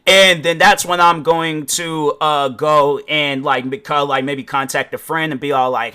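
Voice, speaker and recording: Man, advice podcast host, rambling, self-correcting, playful petty storyteller, raised pitch, forceful tone. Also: steady tone, moderate pace, hardly any pauses.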